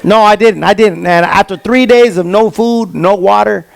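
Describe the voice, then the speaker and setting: Young guy doing standup, high gravelly voice, slangy and rambling, hand mic on stage. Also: normal speed. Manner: streetwise storytelling with slang and repeated fillers. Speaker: stand-up comedian. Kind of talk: stand-up comedy set. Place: comedy stage before a live audience.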